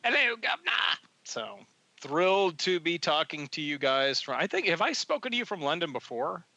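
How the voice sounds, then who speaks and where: A man's voice: fairly high pitch, expressive, a little fast, pushed and bright, no echo, highs cut off. A man joining a podcast as a guest analyst, chatting casually with wry humor over a remote call. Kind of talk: casual chat. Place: remote from London.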